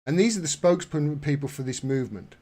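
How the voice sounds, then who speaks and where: A man's voice: on the high side, a little fast, dark tone. A man giving casual political commentary on a vlog in an indignant, sarcastic way. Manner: indignant, sarcastic, rising to outbursts. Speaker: commentary vlogger.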